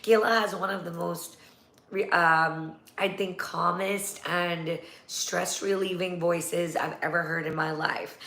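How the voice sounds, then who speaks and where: A woman's voice: fairly low pitch, steady tone, slow, creaky, fairly bright tone. Chatty woman host in an echoey room. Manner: chatty, rambling, laughs easily. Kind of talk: casual live-stream chat.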